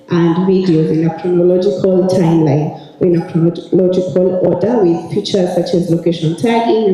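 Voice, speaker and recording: A woman trainer, hoarse and raspy from a cold, giving an upbeat ceremony speech and calling out to the audience. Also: lowish voice, warm tone. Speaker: cybersecurity trainer. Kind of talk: ceremony speech presenting student projects. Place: large hall at a graduation ceremony. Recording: echoey hall.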